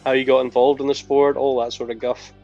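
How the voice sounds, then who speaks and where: A man hosting a podcast, chatting in a relaxed, matey way. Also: mid-range voice, fairly quick, gravelly, soft background music. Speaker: podcast host. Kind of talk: casual podcast chat. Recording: slightly dull, lo-fi sound.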